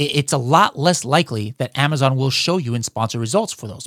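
A man hosting a podcast, giving an energetic how-to talk to listeners he keeps calling guys. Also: fairly high pitch, no room sound, studio quality. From United States. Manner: energetic, addresses listeners as guys, frequent "all right?". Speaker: podcast host.

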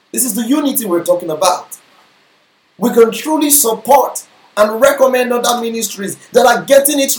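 A man preaching a sermon, often checking in with the congregation with questions like whether they follow him. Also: very high voice. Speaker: pastor. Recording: echoey room.

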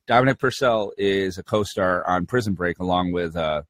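A man's voice: sits low, normal speed, fairly bright tone, no echo, studio quality. A man co-hosting a podcast in casual, joking chat, reading out a listener's message. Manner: jokey, laughing banter. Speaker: podcast co-host.

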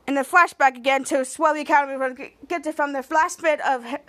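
High-voiced woman recapping a show. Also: steady tone, quick pace, fairly bright tone, no room sound. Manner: rambling, acts out the scenes. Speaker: podcast host. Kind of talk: casual episode recap.

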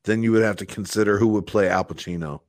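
A man's voice: on the low side, fast talker, dry recording, clean studio sound. A man in casual podcast chat, musing loosely.

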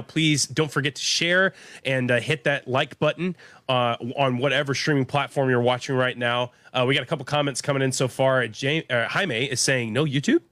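A man hosting a live show, relaxed and full of fillers as he reads out viewer comments. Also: medium pitch, no echo. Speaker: host. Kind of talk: casual chat, reading comments.

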